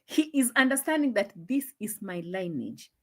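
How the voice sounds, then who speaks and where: A young woman hosting a casual live stream, chatting and laughing, dropping into low asides, on a phone mic. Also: animated, moderate pace.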